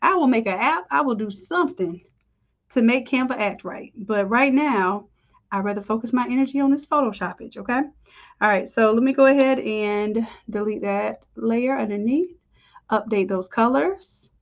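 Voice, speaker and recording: A woman's voice: on the high side, moderate pace, highs cut off. A woman teaching design on a live screen-share tutorial, talking in a chatty, upbeat way and calling her viewers y'all. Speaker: design instructor.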